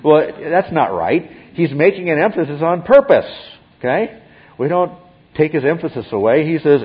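Male Bible teacher, husky voice, emphatic teaching delivery, muffled lo-fi recording. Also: on the high side, very animated, moderate pace. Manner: emphatic, often checks in with "okay?".

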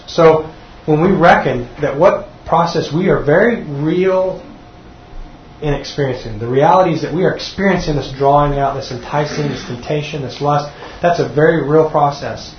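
A man's voice: a little high, moderate pace, a little hiss or hum. A man teaching a sermon to a group, earnest, often repeating words as he restarts. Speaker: teacher at a church class. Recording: dull echoey room recording.

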